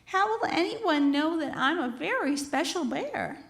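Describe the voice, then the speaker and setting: A woman voicing a gentle young male bear in a children's storybook, speaking in an earnest, pleading way. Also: very high-pitched, lively intonation, a little slow, vocal fry, exaggerated voice. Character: gentle young male bear who loves his hat. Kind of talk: reading a children's story aloud.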